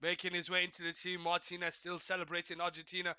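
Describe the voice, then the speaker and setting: A football watchalong host calls a match live for his stream, chatty, often greeting viewers and correcting himself, slightly croaky as he comes down with a cold. His high voice sounds very bright and edgy, delivered fast and completely flat. The sound is close and dry, with no echo.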